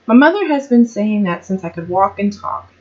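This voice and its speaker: Dark in tone and medium in pitch, a woman's voice moves at normal speed as she reads her own first-person story. This amateur storyteller frequently stumbles, starts lines over, and comments on the slips, all in a slightly muffled recording.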